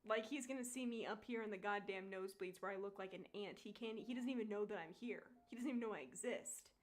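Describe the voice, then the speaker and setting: Young woman streamer, chatty and animated, laughs a lot, swears freely. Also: mid-range voice, fast talker. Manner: reads game narration aloud quietly. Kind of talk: casual chat while playing a game.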